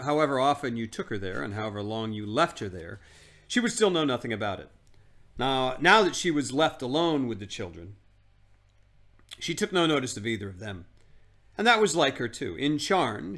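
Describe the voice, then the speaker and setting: A man's voice: mid-range voice, a bit bright. A man reading a children's novel aloud on a livestream, with casual asides to his chat. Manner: casual asides between narration.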